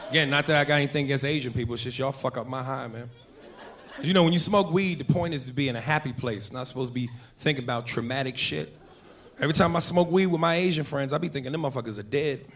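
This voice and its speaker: A man's voice: fairly high pitch, fairly bright tone. A man doing a brash, profane stand-up set on a comedy stage before a live audience. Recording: live club mic, crowd laughter.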